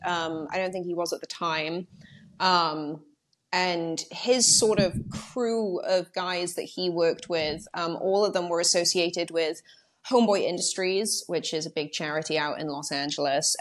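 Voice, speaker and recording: Chatty British-born woman journalist, low voice. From United Kingdom. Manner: chatty, many fillers, quick animated asides. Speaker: journalist guest. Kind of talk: casual interview chat.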